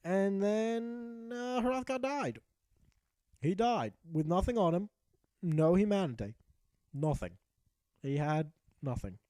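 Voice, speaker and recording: A man's voice: high-pitched, animated, takes it slowly, pauses often, warm tone, no room sound. A young man giving profane, mock-epic narrated commentary over a game he plays. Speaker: gaming commentator. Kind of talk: comic narrated gameplay commentary.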